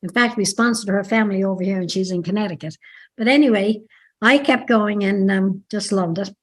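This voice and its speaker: A brisk, mid-range voice belongs to an older Irish woman with a Dublin accent. As an interview guest and dance teacher, she looks back on her life in a chatty, wandering manner, regularly fixing what she's said mid-sentence.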